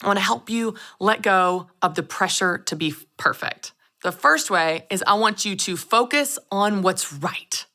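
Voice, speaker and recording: Bright-voiced woman hosting her show. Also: medium pitch, a little slow. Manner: animated storytelling, acts out voices. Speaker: show host. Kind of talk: upbeat solo podcast talk.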